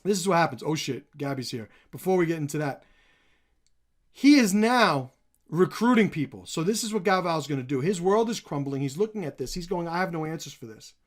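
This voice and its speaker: A man hosting a reaction video, talking bluntly with plenty of swearing and animated emphasis. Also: fairly high pitch, fairly quick. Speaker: commentary channel host.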